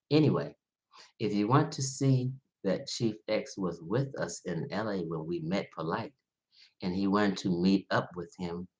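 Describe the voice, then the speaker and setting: A man hosting a livestream, ranting bluntly and profanely, swinging between loud outbursts and low muttering. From Los Angeles. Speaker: livestream host. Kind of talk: livestream commentary rant.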